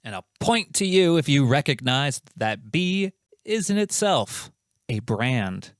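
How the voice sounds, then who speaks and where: A man's voice: medium pitch, very animated, takes it slowly, smooth, no echo, studio quality. Playful man hosting a comedy quiz. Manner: playful, jokey and self-mocking. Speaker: quiz show host.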